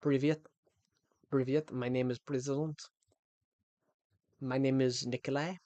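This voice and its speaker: A man's voice: medium pitch, little pitch movement, a little slow, mellow, dry recording, natural voice. A young man jokingly putting on a Russian accent for his stream chat. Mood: mock-grand. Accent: put-on Russian. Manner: hammy, joking.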